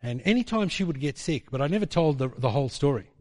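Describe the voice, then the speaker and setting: A man's voice: on the high side, animated, fast talker, a little mellow. A man preaching a sermon, telling stories and asking rhetorical questions. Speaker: pastor.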